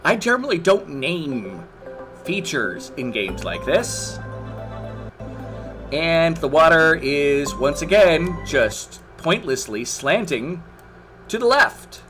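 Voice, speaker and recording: Exasperated male game streamer, animated pitch. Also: slow, music in the background. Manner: exasperated, swearing, theatrical groans and sighs. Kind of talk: live gameplay commentary.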